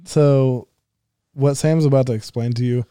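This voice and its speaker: A man's voice: mid-range voice, steady tone, dark tone, clear, resonant tone, no room sound, clean studio sound. A young man in casual chat who laughs often and repeats himself as he talks. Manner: laughing, halting and repetitive.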